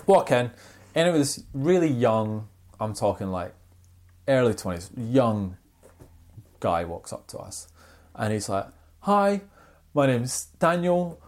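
Animated podcast co-host, lively pitch. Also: unhurried, long pauses. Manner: animated, rambling with restarts and sound effects. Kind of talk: casual storytelling chat.

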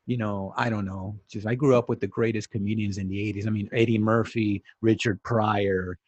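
A man's voice: fairly low pitch, steady tone, normal speed, slightly rough, no echo, lo-fi sound. A middle-aged man chatting casually as a podcast co-host, telling stories animatedly, putting on voices and swearing casually. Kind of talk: casual chat.

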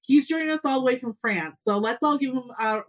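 A woman's voice: high-pitched, brisk. A woman hosting a podcast, talking in an upbeat, chatty way with frequent ums and uhs. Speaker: podcast host. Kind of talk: casual promotional chat and interviewing.

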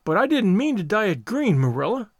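A man's voice: high-pitched, very animated, fairly quick, no room sound, studio quality, full character voice. A man reading the part of a dramatic, despairing young orphan girl in a storybook, full of theatrical self-pity. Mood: pleading. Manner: theatrical, self-pitying laments.

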